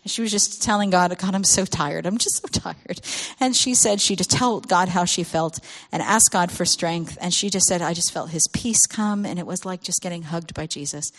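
A woman's voice: on the low side, moderate pace, hardly any pauses, fairly bright tone. A woman giving a storytelling talk to parents as a children's ministry speaker, acting out the voices she quotes and laughing often.

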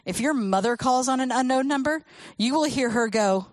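A woman speaking to a church audience about children and faith, telling stories with lively acted quotes. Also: sits high, normal speed, no echo. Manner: animated storytelling with acted quotes.

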